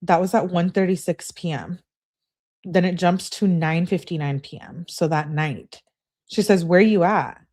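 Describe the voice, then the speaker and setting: A woman hosting a true-crime channel, reading a couple's text messages aloud in a casual way and breaking off for quick remarks of her own. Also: on the low side, fairly even intonation, warm tone. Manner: reads texts aloud, breaks off with quick asides. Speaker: host reading case evidence.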